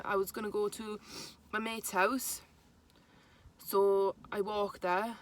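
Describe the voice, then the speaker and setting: A young woman, haltingly retelling a personal story to camera, with many restarts. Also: mid-range voice, steady tone, fairly bright tone. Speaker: vlogger.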